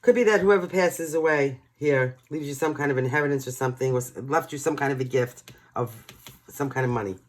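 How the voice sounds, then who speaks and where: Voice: mid-range voice, fairly quick. A tarot reader from New York talks through a casual reading in a loose, chatty way. The delivery is emotional and speaks right to the viewers.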